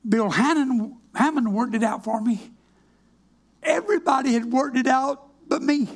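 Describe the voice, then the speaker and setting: Husky older preacher. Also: male voice, very high voice, moderate pace. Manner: folksy, plainspoken, wry. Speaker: minister. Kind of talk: personal testimony sermon.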